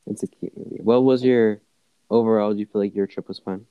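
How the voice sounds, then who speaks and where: A woman's voice: very deep voice, fairly even intonation, fairly quick, clear, resonant tone, dry recording, phone-quality sound. A woman chatting casually, mostly giving short reactions and asking prompting questions. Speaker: co-host listening. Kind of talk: casual chat.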